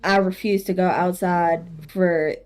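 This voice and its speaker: A woman's voice: lowish voice, steady tone, measured pace, a little mellow. A young woman from New Orleans, a streamer guest, talking frankly and casually in an interview. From New Orleans, Louisiana. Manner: candid, frank, laid-back.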